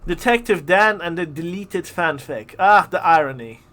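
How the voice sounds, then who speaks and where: A man reading his own old fanfiction aloud on a live stream, halting and self-mocking, with groaning asides. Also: high-pitched, animated, fairly bright tone.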